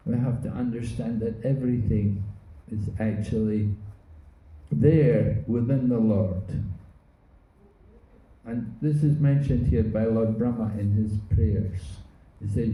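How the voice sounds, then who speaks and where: A man teaching a scripture class, speaking slowly and deliberately, often pausing to search for words. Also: on the low side, mellow. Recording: echoey room, phone-like lo-fi sound.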